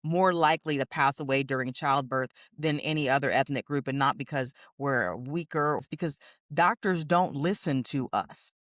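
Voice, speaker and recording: A woman's voice: rumbling low, normal speed, a bit bright, no room sound, studio quality. A woman co-hosting a podcast, talking casually and with passion, often checking in with "right?". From United States. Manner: passionate, emphatic, frequent tag questions. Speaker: podcast co-host.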